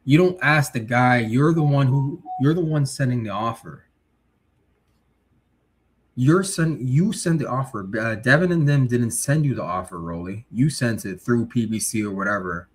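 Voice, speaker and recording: A man's voice: medium pitch, slightly rough. A male livestream host chatting casually, reading viewer comments and giving blunt, slangy takes. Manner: blunt, animated, street slang.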